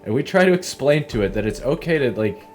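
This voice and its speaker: A man's voice: medium pitch, animated, quick pace, faint music behind. A young man giving casual gameplay commentary as a streamer, rambling and swearing, and laughing often at his own tangents. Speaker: gaming streamer.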